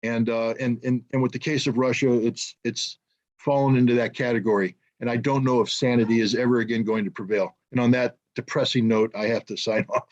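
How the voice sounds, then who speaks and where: A man's voice: mid-range voice, fairly even intonation, brisk, darkish tone, dull audio. A man from the United States speaking as a guest on an online panel, impassioned and indignant, often restarting his sentences. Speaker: guest commentator.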